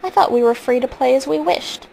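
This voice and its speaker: A woman reading the part of a spoiled young boy, speaking coldly and defiantly, a little higher than her own voice. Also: a little fast, creaky, warm tone, slight background noise, rough recording. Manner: cold and defiant.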